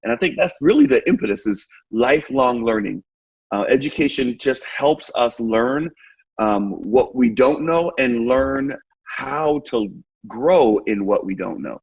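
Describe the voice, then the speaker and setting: A man who is a guest on a podcast interview, joking and relaxed, talking with fillers and at an uneven pace. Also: mid-range voice, a little slow, husky, highs cut off.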